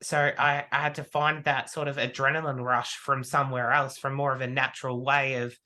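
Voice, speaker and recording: A man, a podcast guest, talking casually and telling animated stories in which he acts out his own remarks. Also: mid-range voice, fairly quick. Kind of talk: casual conversation.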